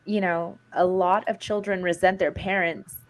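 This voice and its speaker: A woman's voice: fairly low pitch, fairly even intonation, normal speed. A woman co-hosting a casual chat show, chatty and supportive toward her co-host.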